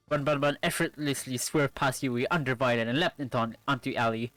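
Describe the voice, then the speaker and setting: A man streaming a visual novel, reading its narration with lively asides. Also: mid-range voice, fairly quick, hardly any pauses, dry recording, faint music behind. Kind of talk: visual novel read-aloud.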